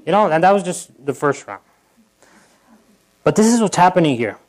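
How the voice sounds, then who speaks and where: A pastor giving a sermon in church, talking in a loose conversational way with asides to the congregation and acting out quotes. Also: male voice, high-pitched, normal speed, low-quality recording. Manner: animated, acting out quotes in a livelier voice.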